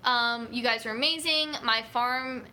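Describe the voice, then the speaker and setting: A woman's voice: on the high side, a little slow, sharp tone. A woman hosting a casual livestream from a home filming corner, chatting in a rambling way with lots of fillers. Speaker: nutrition coach hosting a livestream. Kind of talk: casual live chat. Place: home room set up for filming. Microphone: camera on a tripod.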